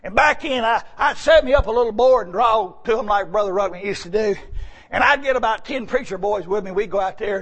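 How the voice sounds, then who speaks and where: A male preacher telling a story in a folksy sermon, swinging between hushed tones and shouts. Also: very high-pitched, slightly rough.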